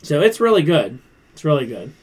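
Male podcast host, animated and profane, slightly high voice, acts out quotes. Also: brisk, husky. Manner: animated, acts out quoted lines, swears freely. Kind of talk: casual chat.

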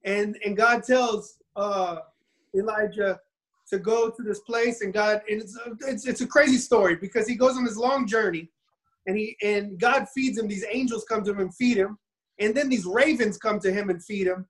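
A man casually retelling a Bible story in an animated, rambling way, often restarting his sentences. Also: high voice, normal speed, low-quality recording.

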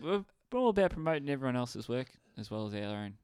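This is an Australian man co-hosting a casual comedy podcast. He jokes, teases, and swears freely. His voice is smooth and resonant, recorded dry and close with no room sound. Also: medium pitch, big pitch swings, quick pace, darkish tone, no echo. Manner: joking, teasing, swearing freely. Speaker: podcast co-host.

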